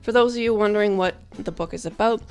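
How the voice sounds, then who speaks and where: A woman's voice: mid-range voice, fast, smooth, faint music behind. A young woman in casual chat, announcing her book in an upbeat, chatty way that pokes fun at herself. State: out of breath at first. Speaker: vlogger and author.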